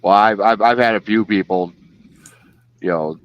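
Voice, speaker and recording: A man's voice: lowish voice, moderate pace, dry recording. A man telling a casual story as a guest, rambling with many fillers. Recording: dull, dry lo-fi sound.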